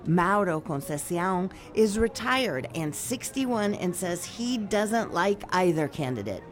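A woman correspondent delivering a radio news report in a measured, clear way. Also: fairly low pitch, expressive, faint music behind. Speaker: foreign correspondent.

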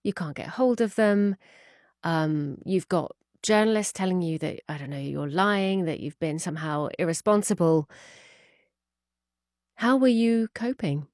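A woman's voice: on the low side, unhurried, a little mellow, no echo, clean studio sound. A woman interviewing a guest, hesitant and repeating words as she asks. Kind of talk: documentary interview.

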